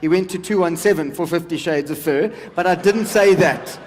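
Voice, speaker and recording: A South African stand-up comedian in his forties, his voice notably high for a man, talks at normal speed. He does loose, chatty crowd work with a live audience in a large event hall, where his words ring out with a long echo.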